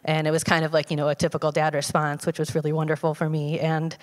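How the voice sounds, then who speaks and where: A woman telling a personal testimony to a church congregation in a conversational, halting way, with frequent fillers and restarts. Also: sits low, completely flat delivery. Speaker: church member giving a testimony. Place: church sanctuary. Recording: long hall reverb.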